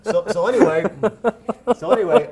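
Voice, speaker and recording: A man in his fifties with a New York accent, telling a wild story on stage as an interview guest, loud and laughing, acting out the other voices. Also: sits high, normal speed, over a noisy crowd. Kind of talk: animated storytelling.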